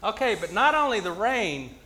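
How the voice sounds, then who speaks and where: A man leading an interactive Bible story in church, coaxing his listeners to make sound effects and shouting the quoted lines himself. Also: sits high, sing-song, normal speed. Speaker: preacher leading a children's message.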